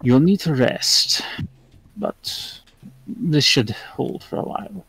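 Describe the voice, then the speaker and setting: A man voicing a kindly old male dragon god in disguise, who speaks with quiet, calm reassurance. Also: on the high side, slow pace, vocal fry, slightly rough, pitched above the performer's own voice, exaggerated voice, rough recording. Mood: reassuring.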